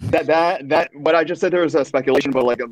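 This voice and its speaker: A man's voice: a little high, fast talker, poor audio. A man chatting casually, hesitant and full of fillers. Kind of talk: casual chat.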